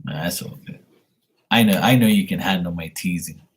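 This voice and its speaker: A man's voice: low voice, a little fast, a little hiss or hum. A man chatting casually to his viewers by name on a late-night livestream, rambling and teasing. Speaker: livestream host reading paid questions.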